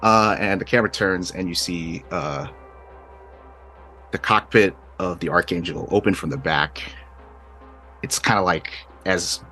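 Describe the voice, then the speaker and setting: A man's voice: deep voice, steady tone, a little slow, pauses often, sharp tone. A man running a tabletop game, describing scenes loosely with lots of fillers, over faint music. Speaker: game master.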